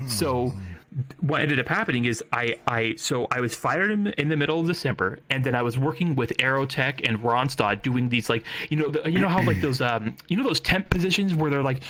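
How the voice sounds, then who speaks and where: A young man tells a personal story in a loose, casual way, stumbling over his words and dropping curses as he goes. His voice is bright and forceful, with a mid-range pitch. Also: lively intonation, brisk. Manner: rambling, repeats himself, swears freely. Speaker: storyteller recounting job loss. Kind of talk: casual chat.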